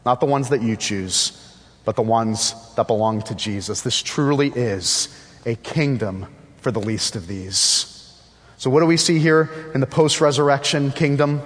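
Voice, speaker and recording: A man's voice: medium pitch, a little slow, long reverb tail. A man preaching a sermon with emphatic repetition and rhetorical questions.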